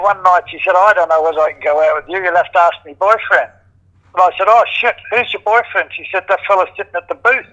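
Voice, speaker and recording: Fairly high-pitched and a bit bright, this older Australian man's voice comes through lo-fi audio. Interviewed as a former criminal, he tells casual stories bluntly, cursing freely and performing the voices of the people he quotes.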